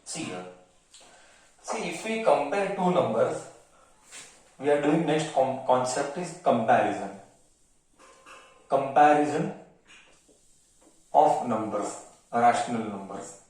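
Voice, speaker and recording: A man's voice: medium pitch, animated, slow, pauses often, a little mellow. A male maths teacher with an Indian accent, giving a lesson, mixing Hindi words into English, repeating each phrase and quizzing his pupils. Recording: very echoey room, mic far off.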